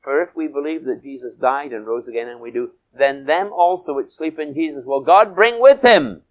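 A man preaching a sermon, swinging from loud emphatic peaks to soft low asides and stretching key phrases. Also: moderate pace, lo-fi sound.

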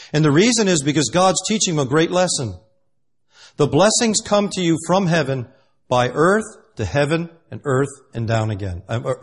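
A man preaching a sermon, emphatic and dramatic, swinging between loud stresses and hushed asides. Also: on the high side, husky.

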